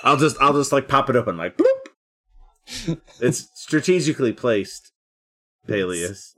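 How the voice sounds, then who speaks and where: A man's voice: mid-range voice, expressive, normal speed, fairly bright tone. A man playing a tabletop game with friends, chatting and joking playfully. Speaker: player. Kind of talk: casual chat at a tabletop game.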